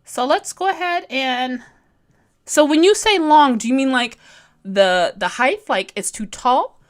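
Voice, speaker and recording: A bubbly woman in her thirties with a high, bright-sounding voice, talking through a drawing tutorial on a livestream. She rambles, giggles often and teases herself as she answers viewers. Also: lively intonation, measured pace. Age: 30s. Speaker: webcomic artist streaming a tutorial. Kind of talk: casual livestream chat, reading comments.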